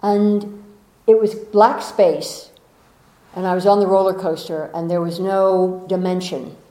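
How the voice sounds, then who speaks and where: A woman giving a gentle, coaxing inspirational talk as a spiritual teacher, often asking rhetorical questions of her listeners. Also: lowish voice, level tone, measured pace, echoey room, poor audio.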